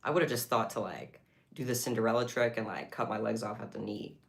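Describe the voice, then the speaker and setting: A livestreamer makes beaded bracelets while chatting casually with viewers, playful and giggly, full of self-mocking banter. The voice is medium-pitched, creaky and a little fast.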